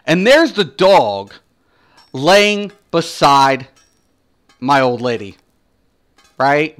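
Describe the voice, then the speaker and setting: A man streaming a game, telling stories in casual chat with lively energy and lots of swearing. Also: high voice. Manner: profane, animated storytelling.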